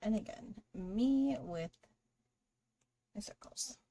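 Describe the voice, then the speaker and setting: A woman's voice: mid-range voice, expressive, takes it slowly, warm tone, breathy edge. A woman hosting a live drawing stream, chatting casually with viewers and greeting them while she draws. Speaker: livestream artist host.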